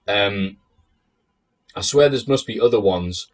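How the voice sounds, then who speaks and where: A man's voice: on the low side, slow pace. A man who is a podcast guest, chatting casually in a sardonic way, swearing and laughing often. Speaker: interview guest.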